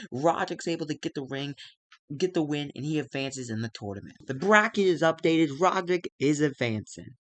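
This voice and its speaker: A young man casually recapping a wrestling management game, narrating the matches and now and then putting on quick voices for the wrestlers. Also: no room sound. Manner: recaps matches and briefly acts out wrestlers' lines in quick, squeaky outbursts. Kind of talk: casual let's-play narration.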